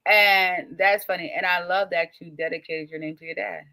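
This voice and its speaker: A woman's voice: fairly low pitch, fairly even intonation, normal speed, bright, forceful tone. A woman hosting a book club chat, talking expressively and with enthusiasm. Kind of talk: casual chat.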